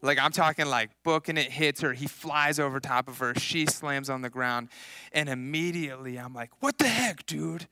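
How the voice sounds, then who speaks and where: A man in his thirties preaching a casual sermon, telling personal stories in an animated way and acting out what people said. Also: medium pitch, moderate pace, clear, resonant tone, dry recording. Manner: casual, animated storytelling with acted-out quotes. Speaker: pastor.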